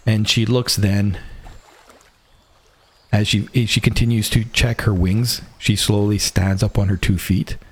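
A man narrating a tabletop game as game master, describing scenes slowly with frequent restarts. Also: on the low side, level tone, breathy edge.

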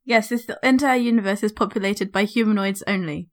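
A woman's voice: medium pitch, brisk. A woman co-hosting a podcast, chatting casually about a book and rambling with lots of fillers and asides. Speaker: podcast co-host. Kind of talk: casual book-club chat.

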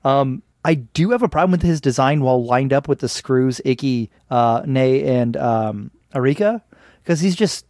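A man's voice: medium pitch, expressive, darkish tone, no room sound, studio quality. A man co-hosting a casual podcast, joking and retelling scenes while acting out quoted lines. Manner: joking, acts out quotes in quick voices. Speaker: podcast co-host. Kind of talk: casual chat.

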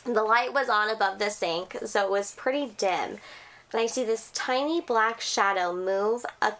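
A woman's voice: mid-range voice, normal speed, a bit bright. A woman co-hosting a podcast, chatting casually and reading listener stories with lots of giggling and swearing. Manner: giggly, profane storyteller. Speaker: podcast co-host.

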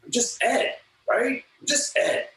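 A man's voice: very high-pitched, expressive, a little slow, vocal fry, fairly bright tone, voice pushed up, full character voice. A humble, easygoing rock guitarist, as a man puts him on while telling a story. The voice swings up and down as he talks. It sounds roomy and a little far from the mic. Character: laid-back male rock guitarist, humble and friendly. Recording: echoey room, voice from a distance.

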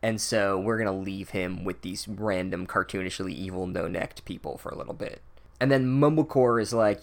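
Rambling sarcastic man with a low voice. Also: normal speed, vocal fry. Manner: rambling, sarcastic, profane, with many fillers. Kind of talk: comedic book recap.

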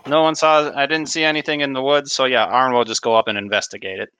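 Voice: mid-range voice, steady tone, quick pace, sharp tone, clean tone, dry recording. A player in a tabletop game chatting casually and joking around. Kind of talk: casual play chat.

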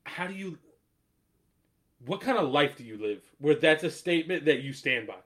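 Laughing, animated podcast host. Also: male voice, on the high side, normal speed, pauses often. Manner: animated, laughs often, swears, says "like" a lot. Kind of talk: casual chat.

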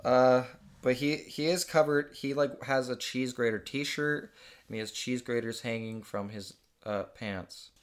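A man's voice: medium pitch, a little slow. A young man reading aloud his own childhood comic book in casual chat, amused and laughing often.

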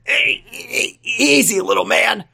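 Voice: medium pitch, slow pace, vocal fry, bright, forceful tone, breathy edge, voice pushed up, full character voice. A podcaster voicing a young father wincing through his words in a comedic fan-fiction reading. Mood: pained.

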